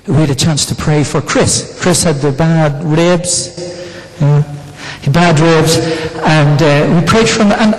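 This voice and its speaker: A man preaching a sermon in a conversational way, often asking the congregation questions. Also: sits high. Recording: long reverb in a church hall.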